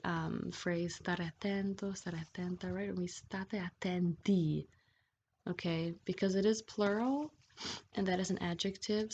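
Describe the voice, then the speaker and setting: A fairly low, gravelly yet mellow female voice belongs to an Italian language teacher walking through grammar on slides. She is patient and keeps asking "okay?" along the way, recorded as a dull, lo-fi voice-over with faint hiss.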